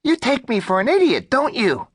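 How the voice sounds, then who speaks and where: A man doing a squeaky, hotheaded young robber. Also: expressive, normal speed, pushed and bright, breathy edge, no echo, clean studio sound, exaggerated voice. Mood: agitated. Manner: agitated, whiny, blustering.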